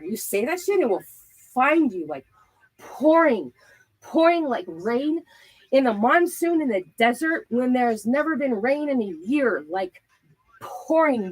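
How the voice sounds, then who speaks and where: Woman, tarot reader, casual motivational talk, husky, higher-pitched, blunt and profane. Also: unhurried, low-quality recording. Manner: blunt, swearing, animated.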